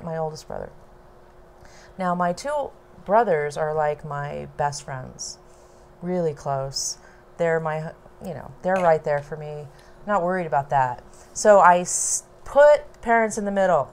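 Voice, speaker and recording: Slow, low-pitched woman telling a story. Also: slight background noise. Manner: unhurried, low-key, laughs between lines. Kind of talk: personal storytelling at a small live event. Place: home dining room, small audience.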